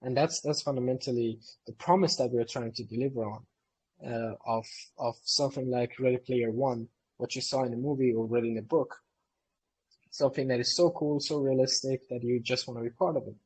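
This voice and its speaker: Husky man explaining eagerly. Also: medium pitch, fairly even intonation, fairly quick, a little mellow, poor audio. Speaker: company co-founder answering community questions. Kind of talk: live Q&A session.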